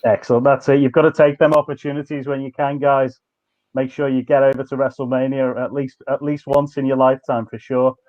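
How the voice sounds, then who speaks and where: A man's voice: mid-range voice, little pitch movement, fairly quick, dry recording, highs cut off. A man hosting a podcast, asking questions in a casual, filler-heavy way. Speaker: podcast host. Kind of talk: casual interview.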